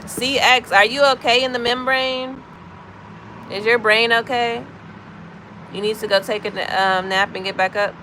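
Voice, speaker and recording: Her fairly high voice is bright and forceful, holding a steady tone at a normal speed, with slight background noise. She is an American woman in her thirties hosting a casual livestream chat, saying hi to viewers by name while working through the comments.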